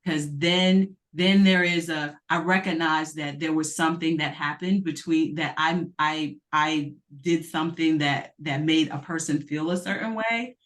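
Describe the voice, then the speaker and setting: A woman's voice: low voice, fairly even intonation, unhurried, hardly any pauses. A woman from the United States speaking earnestly as a panel guest, often restarting her sentences and sharing personal stories. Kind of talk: panel discussion.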